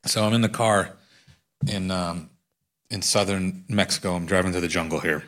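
A man reading aloud from his own book, telling a story in a wry, steady way. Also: sits low, normal speed. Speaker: author.

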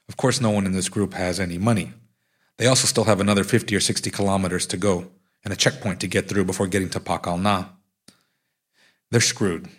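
A man's voice: low voice, fairly even intonation, brisk. A man, an author, reading his own nonfiction aloud in a dry, wry storytelling way.

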